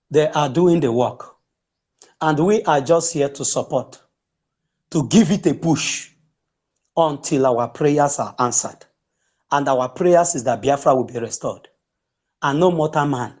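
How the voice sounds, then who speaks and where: A man's voice: on the high side, a little mellow. A man speaking fervently and declaiming to a live audio room.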